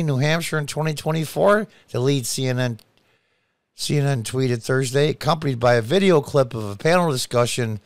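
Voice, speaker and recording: A man's voice: medium pitch, no room sound. Scoffing middle-aged male political commentator. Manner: scoffing, laughs while reading news aloud.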